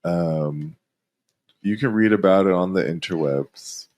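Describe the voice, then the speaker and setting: A man co-hosting a comedy podcast from a living room, speaking in a measured way and hedging his words carefully. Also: low voice, a little mellow. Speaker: podcast co-host. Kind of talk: casual comedic chat.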